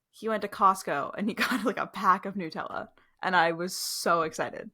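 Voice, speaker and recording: A woman's voice: mid-range voice, normal speed, sharp tone. A young woman co-hosting a podcast in casual chat, chatty and easily amused. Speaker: podcast co-host.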